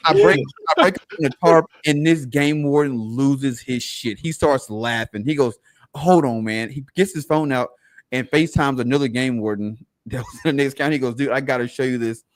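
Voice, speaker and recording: A man's voice: medium pitch, moderate pace. A man with a mid-range voice, recorded close and dry with no room echo. He hosts a podcast and tells stories with energy, putting on the lines of the other people in them. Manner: animated anecdote, acting out other people's lines. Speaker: podcast host. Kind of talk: casual storytelling chat.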